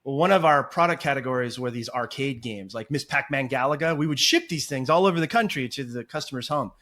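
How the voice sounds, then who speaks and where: A talkative man as a podcast guest, telling stories in animated, rambling interview chat. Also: medium pitch, quick pace. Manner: talkative and animated, apologizes for long answers. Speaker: podcast guest, agency founder.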